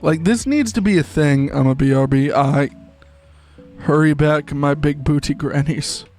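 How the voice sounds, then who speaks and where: A man's voice: fairly high pitch, unhurried, a little mellow, soft background music. A young man live-streaming a game, chatting in a rambling, jokey way. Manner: rambling, jokey, trails into silly voices. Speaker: gaming streamer. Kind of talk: casual live-stream chat while gaming.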